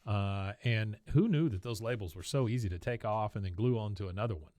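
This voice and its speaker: A man's voice: fairly low pitch, fairly quick, no room sound. Chuckling man recapping a cartoon episode. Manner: lively retelling, chuckling often. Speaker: podcast co-host. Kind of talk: casual episode recap chat.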